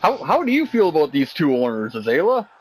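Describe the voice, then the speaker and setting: A man calls a video game wrestling match in a goofy, teasing way. His voice sits a little high and swings up and down. He rambles on and laughs along with his co-hosts. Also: huge pitch swings, a little fast, husky, poor audio. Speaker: wrestling commentator. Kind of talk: jokey role-play commentary.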